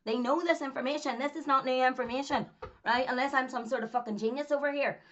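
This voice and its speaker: Speaking to camera in a relaxed monologue, this former track athlete from Northern Ireland has a high, slightly bright voice and a quick pace, though the recording is muffled. She hammers her points through repetition and laughs frequently.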